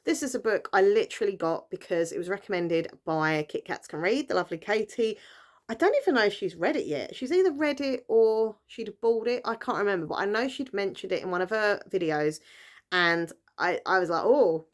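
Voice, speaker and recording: A British woman talks casually to her camera, rambling and correcting herself as she goes. Her voice sits at an ordinary middle pitch, and her relaxed chat is full of little fillers. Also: fairly quick. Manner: chatty, rambling, lots of fillers and self-corrections. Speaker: book vlogger.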